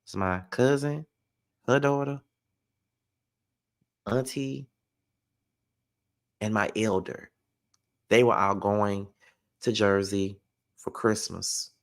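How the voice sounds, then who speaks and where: Profane, animated storytelling man. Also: on the low side, very slow, gravelly, long pauses. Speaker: vlogger. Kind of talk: casual storytime monologue.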